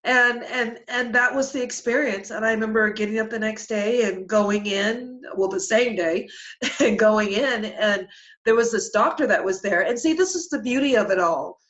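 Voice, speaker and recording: A woman's voice: on the high side, fairly bright tone, muffled recording. Earnest woman telling a spiritual story. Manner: earnest, spiritual, halting with restarts. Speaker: podcast guest. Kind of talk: emotional personal storytelling.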